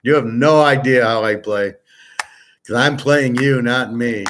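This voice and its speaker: A man's voice: medium pitch, measured pace, fairly bright tone, a little hiss or hum. A man from the United States hosting a live sports betting show, chatting casually with viewers in a blunt, rambling way and swearing freely. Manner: opinionated, tells long anecdotes. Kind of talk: casual live-stream chat, reading viewer comments.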